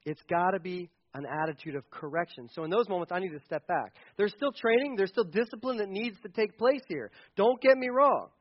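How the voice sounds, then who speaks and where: A man's voice: sits high, fairly quick, few pauses, dull audio. A middle-aged man preaching a sermon to a congregation, earnest and emphatic, repeating key phrases. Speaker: pastor.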